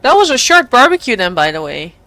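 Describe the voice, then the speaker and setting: A woman's voice: fairly high pitch, very animated, a little fast, sharp tone, a little hiss or hum. A young woman streaming a video game, chatting playfully with her viewers as she plays. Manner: chatty, playful, talks to her chat while playing. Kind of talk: casual gameplay commentary. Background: faint game music.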